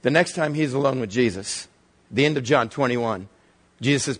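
A man preaching a sermon, telling Bible stories with lively acted-out dialogue in a husky voice. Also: medium pitch, moderate pace. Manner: animated storytelling, acting out Bible dialogue. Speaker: pastor.

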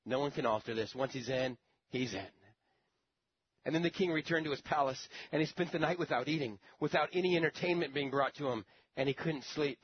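A man's voice: medium pitch, fairly quick, a little hiss or hum. A man preacher delivering a sermon in a dramatic storytelling manner, with conversational asides to the congregation. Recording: dull lo-fi sermon recording.

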